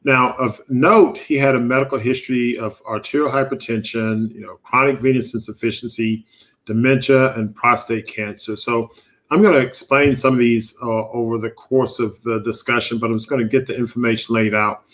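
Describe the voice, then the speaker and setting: A middle-aged man hosts a live medical panel from a studio, walking through his slides. His voice sits at an ordinary middle pitch, and he talks in a loose, conversational way, leaning on fillers as he goes. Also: normal speed. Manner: relaxed, filler-heavy, conversational. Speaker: physician hosting a live panel show. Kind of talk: live online presentation with slides.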